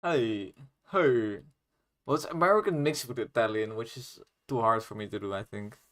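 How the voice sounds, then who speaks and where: A man's voice: mid-range voice, moderate pace, a bit bright. A man from the Netherlands with a Dutch accent, chatting casually while streaming his game development and rambling in a joking, self-mocking way. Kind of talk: casual livestream chat.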